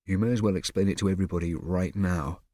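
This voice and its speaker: A man plays a protective teenage boy, blunt and accusing in tone. The voice stays lowish and plain, close and dry. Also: steady tone, fast talker, dark tone, dry recording. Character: wary teenage boy, older brother, protective.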